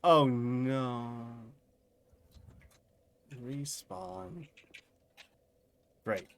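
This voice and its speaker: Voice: medium pitch, extremely slow, creaky, dry recording. A streamer doing live commentary over a hard video game, exclaiming at each death and laughing it off.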